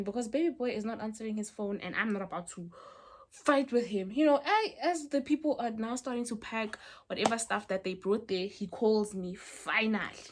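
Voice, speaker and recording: Young woman with a fairly high voice, casual storytime vlogger, chatty and animated. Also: normal speed. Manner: chatty and animated, with lots of fillers and asides to viewers.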